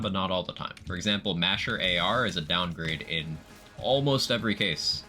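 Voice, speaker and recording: A man's voice: deep voice, normal speed, sharp tone, faint music behind. A man streaming live, casually explaining game mechanics in detail while greeting viewers in chat. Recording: background noise.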